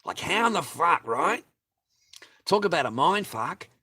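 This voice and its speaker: A man's voice: a little high, very animated, unhurried, bright, forceful tone, slightly rough. A man with a daughter, ranting to his livestream audience in a profane, heated and mocking way. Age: adult with a child.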